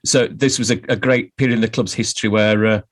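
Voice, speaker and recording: A man's voice: fairly low pitch, fairly even intonation, quick pace. Wry English storyteller man. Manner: storytelling, wry, self-deprecating. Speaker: guest author. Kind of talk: casual interview chat.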